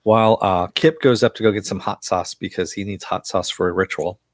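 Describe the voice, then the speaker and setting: A man's voice: sits low, fairly quick, no echo. A man casually recapping a TV episode in a loose, chatty way, with lots of fillers and swearing. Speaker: show reviewer.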